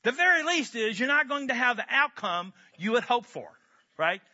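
A male pastor delivers a sermon in an animated, joking, conversational way. His voice sits high and sounds very bright, and the recording is dull and lo-fi. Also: normal speed.

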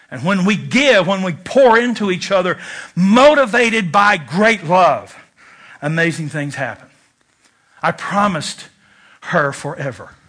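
A man preaching a sermon in church, joking and animated, swinging from loud urging to hushed asides. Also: high-pitched, slow pace. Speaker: pastor.

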